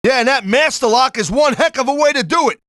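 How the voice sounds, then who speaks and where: A man's voice: very high-pitched, brisk, sharp tone, no echo, studio quality. A middle-aged man doing color commentary for a wrestling video game, blunt and wisecracking with tough-guy slang.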